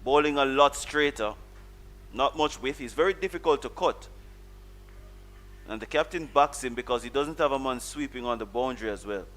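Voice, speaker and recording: A man with a Caribbean accent giving calm, measured colour commentary on a live cricket match and explaining tactics. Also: medium pitch. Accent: Caribbean English. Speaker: cricket analyst.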